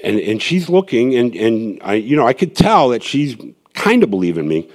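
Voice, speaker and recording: A man's voice: medium pitch, sing-song, normal speed. A man, a street evangelist, telling a gathering his testimony in a rambling, earnest way, with many restarts and asides.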